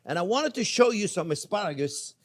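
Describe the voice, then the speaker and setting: A man's voice: sits high, expressive, a little fast. An older man hosting a cooking show, chatting playfully with viewers as he cooks. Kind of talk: casual cooking demonstration.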